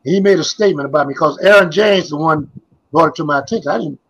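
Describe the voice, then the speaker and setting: An older man with a husky, breathy edge to his voice that sits higher than most men's. He tells his stories as a guest in a casual interview, circling back and repeating himself as he goes. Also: fast, fairly bright tone, rough recording. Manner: rambling, repetitive storytelling. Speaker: guest, former basketball player.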